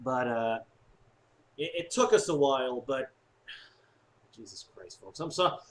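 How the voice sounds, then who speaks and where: A man giving an upset, sweary sports fan rant, swinging from low muttering to shouting. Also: expressive, a little slow. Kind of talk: ranting fan monologue.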